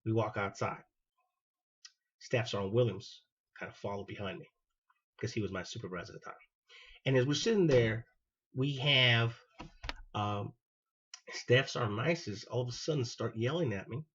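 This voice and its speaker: A man, a former Marine hosting his own show, telling a personal story in an animated way and acting out what people said. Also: mid-range voice, moderate pace, long pauses, dull audio, slight background noise. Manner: animated, acts out quoted dialogue. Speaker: podcast host, former Marine.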